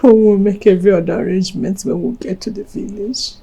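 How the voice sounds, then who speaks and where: A woman with a Nigerian accent playing a newly widowed woman who speaks tearfully and haltingly. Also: medium pitch, gravelly, dark tone, lightly acted. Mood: subdued. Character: newly widowed woman mourning her husband. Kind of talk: Nollywood film acting.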